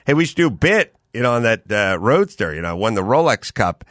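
Animated, cursing man telling stories. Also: mid-range voice, fairly quick, no echo, clean studio sound. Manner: animated, profane storytelling with acted-out quotes. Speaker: podcast host. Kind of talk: casual chat.

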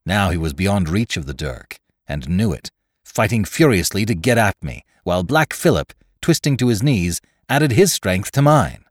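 Low-voiced man narrating a classic tale. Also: no room sound, clean studio sound. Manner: measured, expressive storytelling. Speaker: audiobook reader. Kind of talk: scripted narration.

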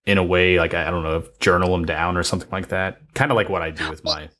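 A man's voice: sits low, steady tone, fast, sharp tone. A man hosting a podcast, asking rambling questions and joking enthusiastically. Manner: jokey, enthusiastic, self-interrupting questions. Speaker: podcast host. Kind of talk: casual podcast interview.

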